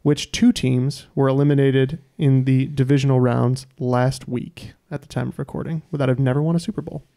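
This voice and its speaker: A man hosting a podcast quiz, reading trivia questions in a measured way with dry asides. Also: mid-range voice, little pitch movement, gravelly, warm tone. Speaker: quiz host.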